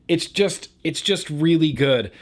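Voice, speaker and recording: A man's voice: a little high, animated, measured pace. A young man hosting his own vlog in a casual, laid-back way, swearing offhandedly and laughing at viewer comments. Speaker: vlog host.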